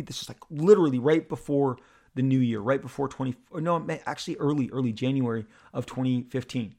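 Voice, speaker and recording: A middle-aged man hosting a podcast, telling a personal story in an animated, halting way with many repeated words. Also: mid-range voice, creaky. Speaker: podcast host.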